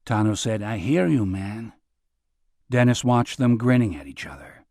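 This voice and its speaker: A man's voice: on the low side, expressive, measured pace, a little mellow, no echo, clean studio sound. A man reading a crime novel aloud, narrating and voicing the dialogue with slight shifts between characters. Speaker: audiobook narrator. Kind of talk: scripted narration.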